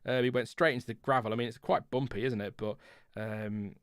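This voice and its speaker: Hosting an F1 livestream, this man reacts to the race in a casual, chatty way, rambling through fillers and restarts while reading viewers' chat out loud. His medium-pitched voice is steady and clean, and he talks briskly. The studio recording has no room sound.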